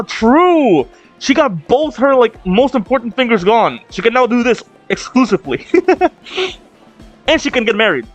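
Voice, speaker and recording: A man hosting a manga reaction video, reading panels aloud with sudden excited outbursts. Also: very high voice. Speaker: reaction channel host. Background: faint drum music.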